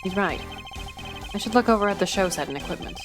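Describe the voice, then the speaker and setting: A woman voicing a formal, sardonic male prosecutor in a video game, measured and dry. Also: mid-range voice, expressive, close to an everyday voice. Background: game music.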